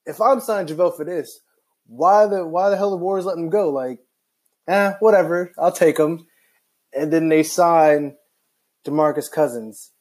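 A young man vents in a loose, rambling way, full of restarts and filler words. His voice sits a little high but sounds mellow and warm. He comes across irritated and animated throughout. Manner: animated, rambling, heavy use of "like". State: frustrated. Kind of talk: casual basketball rant.

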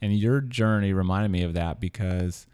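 A man with a lowish voice hosts a podcast. He reads a scripted introduction, then chats with his guest in a relaxed, conversational way. The recording is close and dry. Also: moderate pace, clear, resonant tone, dry recording. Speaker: podcast host. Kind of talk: scripted narration and casual interview.

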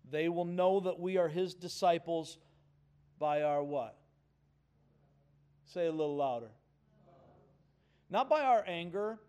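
A man preaching with a high, clear-pitched voice and slow, deliberate pacing. He is earnest and emphatic, and he draws the congregation into call-and-response. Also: animated, darkish tone. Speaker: pastor. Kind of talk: sermon.

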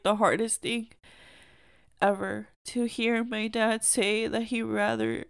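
A woman's voice: fairly high pitch, creaky. A young woman hosting a personal podcast, speaking earnestly and emotionally, with many "like"s and "um"s. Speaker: podcast host.

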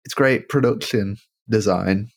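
A man's voice: lowish voice, measured pace, gravelly, dry recording, studio quality. A man, chatting casually and jokingly as a podcast co-host about a film. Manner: chatty, rambling, jokey.

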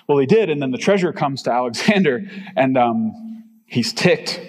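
A man's voice: medium pitch, slightly rough. A male pastor giving a conversational, emphatic sermon full of rhetorical questions. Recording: reverberant hall.

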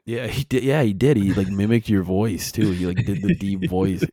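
A man's voice: lowish voice, moderate pace, dark tone, dry recording, studio quality. A man co-hosting a podcast, chatting casually and laughing as he tells old stories. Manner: laughing, reminiscing storyteller. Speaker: podcast co-host. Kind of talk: casual chat.

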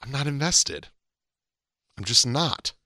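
A man's voice: medium pitch, lively intonation, takes it slowly, pushed and bright, dry recording, studio quality. A man co-hosting a podcast, chatting casually and animatedly, his voice climbing to emphatic peaks. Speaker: podcast co-host. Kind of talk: casual wrestling chat.

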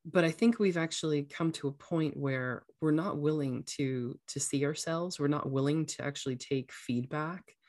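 A woman's voice: low voice, moderate pace, hardly any pauses, a little mellow. A woman hosting a casual podcast, talking earnestly as a coach and acting out voices now and then. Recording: echoey room sound.

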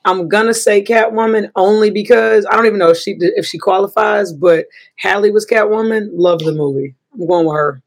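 Woman coach on a podcast, easygoing, middle pitch voice. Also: brisk, gravelly. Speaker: basketball coach, guest. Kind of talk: podcast interview.

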